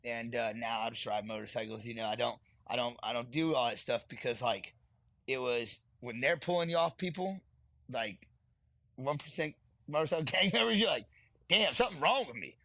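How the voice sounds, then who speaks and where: A man with a gravelly voice talks candidly and with plenty of swearing, as a guest on an interview show. His tone is forceful and edgy. The recording is close and dry, with no room sound. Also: mid-range voice, moderate pace, no room sound. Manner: blunt and heavily profane, laughs while telling stories. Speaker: podcast guest, retired Marine sergeant.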